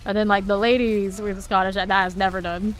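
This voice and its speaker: With a brisk pace and a level, mid-range voice, this woman streams a game and chats with her audience in a light Southern US accent. She's talkative, jokes at her own expense, and laughs frequently while addressing chat.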